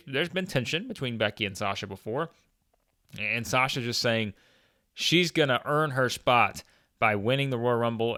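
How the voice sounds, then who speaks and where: A man's voice: mid-range voice, pushed and bright, no room sound, clean studio sound. Chatty man narrating a wrestling game. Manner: chatty, with frequent fillers and chuckles. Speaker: gaming video host. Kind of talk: casual narration of a wrestling sim playthrough.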